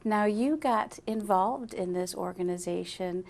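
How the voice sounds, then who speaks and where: A woman's voice: mid-range voice, measured pace, vocal fry, darkish tone. A woman interviewing a guest, encouraging her with frequent short affirmations.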